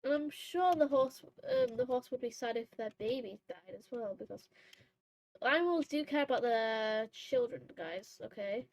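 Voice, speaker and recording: A woman with a somewhat high voice chats casually over her horse role-play gameplay. She rambles and corrects herself often, with plenty of fillers, in the easy manner of a gaming vlogger. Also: big pitch swings, unhurried, darkish tone, no echo, low-quality recording. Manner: rambling and chatty, full of fillers and self-corrections.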